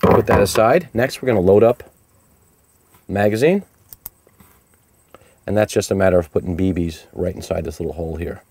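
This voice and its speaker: A man's voice: deep voice, moderate pace, pauses often, a little mellow, breathy edge, dry recording. A man hosting a product review, talking casually and upbeat as he explains each step of a demonstration outdoors.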